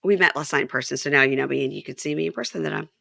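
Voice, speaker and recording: Gravelly bright-voiced woman podcast host. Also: sits low, racing, no room sound, clean studio sound. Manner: chatty, retells scenes with quoted voices. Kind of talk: casual chat recapping a reality show.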